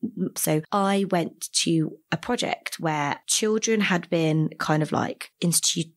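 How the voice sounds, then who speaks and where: A woman from Britain, a podcast guest, telling a story in a chatty, animated way with many "like" fillers. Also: lowish voice, slow pace. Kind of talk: casual storytelling interview.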